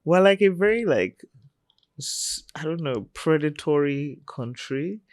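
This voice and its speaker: A woman, co-hosting a podcast in casual chat, blunt and outspoken and quick to react. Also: low voice, expressive, a little mellow, no room sound, clean studio sound. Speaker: podcast co-host.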